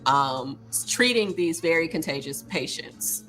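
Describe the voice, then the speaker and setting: Low-voiced woman, earnest interview guest. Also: lively intonation, unhurried, fairly bright tone, soft background music, rough recording. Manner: earnest, thoughtful, with fillers. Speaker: guest, small business owner. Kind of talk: casual interview chat.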